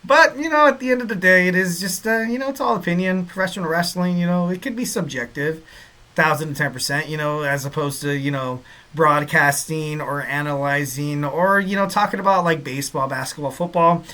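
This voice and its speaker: A man's voice: a little high, fairly quick, bright, forceful tone. A man hosting a wrestling podcast in a casual, rambling, upbeat way, full of fillers and repeated catchphrases. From Southern California. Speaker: podcast host.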